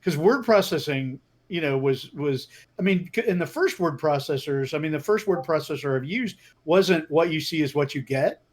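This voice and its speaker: An older man talks casually on a game stream, and his voice leaps up and down with animation. He laughs often and restarts his sentences. His pitch sits a touch high for a man. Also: expressive, normal speed, hardly any pauses. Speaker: writer and stream co-host. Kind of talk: casual chat while playing a text game.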